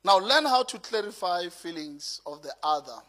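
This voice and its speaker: Man, South African accent, preacher, sermon, high voice, middle-aged, laughing storyteller. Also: normal speed. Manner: lively storytelling, laughing through anecdotes.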